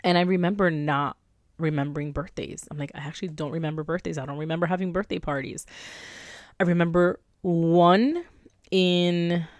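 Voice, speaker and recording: A woman's voice: lowish voice, steady tone, normal speed, no room sound, studio quality. A woman hosting a podcast, telling a personal story in a candid, emotional, confessional way, sometimes dropping to a near-whisper. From Puerto Rico. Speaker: podcast host.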